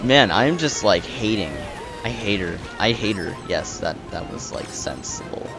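A young man giving excited, swearing live commentary while playing a racing game, groaning and shouting at rivals. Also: on the low side, unhurried, music in the background. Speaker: let's play gamer.

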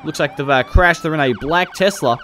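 A man with a bright, somewhat high voice narrates a police roleplay game as he plays. He chats and jokes along the way, laughs easily, and switches to barking orders at suspects. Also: brisk, a little hiss or hum. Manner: chatty and joking, laughs often, barks commands at suspects. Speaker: gaming video creator. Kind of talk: gameplay commentary during police roleplay.

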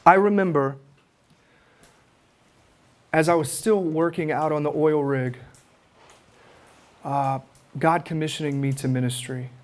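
Fervent higher-voiced man preaching. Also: fairly even intonation, measured pace, pauses often. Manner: fervent storytelling, acts out his own prayers. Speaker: evangelist. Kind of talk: conference teaching sermon.

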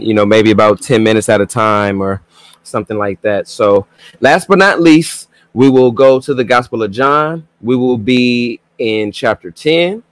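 A man moderating a debate, calmly announcing passages and handing the floor to speakers. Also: medium pitch, dry recording. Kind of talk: moderating and reading scripture.

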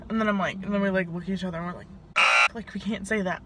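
A woman's voice: mid-range voice, fairly even intonation, slight background noise. A woman in her twenties with a Southern US accent, chatting casually to camera in a vlog and filling her sentences with "like". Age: 20s. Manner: chatty, fills every pause with "like". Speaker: vlogger.

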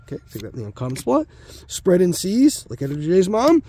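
In a noisy home basement room, a sick man with a high voice, big pitch swings and a slightly fast pace opens card packs for his channel. Breathing hard and short of breath, he rambles crudely and mutters under his breath.

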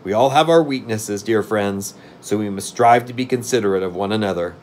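A man doing a kindly scarecrow monarch from a storybook, speaking gently and soothingly in a fairly low voice. He sounds patient and wise. Faint hiss sits behind him. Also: fairly quick, lightly acted. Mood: gentle. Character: kindly, wise straw-stuffed male king, gentle.

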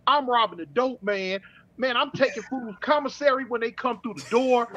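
Middle-aged cali guy, high sharp voice, slangy, keeps restarting, muffled call audio. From California. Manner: slangy, street talk, halting restarts. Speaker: guest. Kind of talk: casual storytelling.

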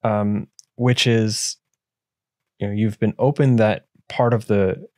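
A man's voice: lowish voice, fairly even intonation, takes it slowly, darkish tone, no echo, studio quality. A man hosting a podcast, asking long rambling questions full of fillers. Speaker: podcast host. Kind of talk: conversational interview.

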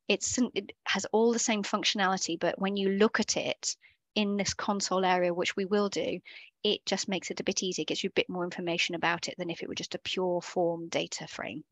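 A woman leads an online coding workshop live on video, her explanations conversational and peppered with self-corrections. She speaks in a mid-range voice, and there's no echo.

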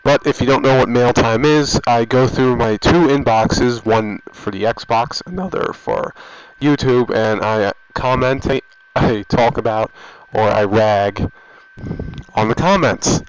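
This gaming vlogger, who is getting sick, reads viewer comments in a casual, rambling, offhand style with plenty of restarts. His medium-pitched voice is unhurried and clean in tone, though the headset mic makes the audio dull and lo-fi.

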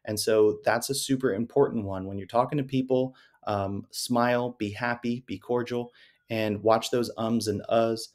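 A man's voice: medium pitch, fairly even intonation, normal speed, darkish tone. A man coaching salespeople in a casual, conversational way, often adding little tag questions. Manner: conversational, often tags "right?" and "you know". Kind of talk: casual instructional talk to camera.

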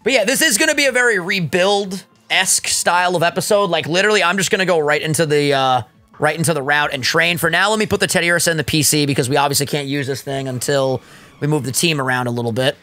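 Young male gamer co-host, slightly high, teasing and excitable, close dry mic. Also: fast, no echo, soft background music. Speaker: let's play co-host. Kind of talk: casual gaming banter.

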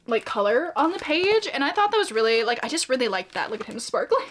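Young female book vlogger, casual, giggly, a bit high-pitched, chatty fillers. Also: big pitch swings, fairly quick, fairly bright tone, slight background noise. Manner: bubbly, giggly, lots of fillers. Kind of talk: casual vlog chat.

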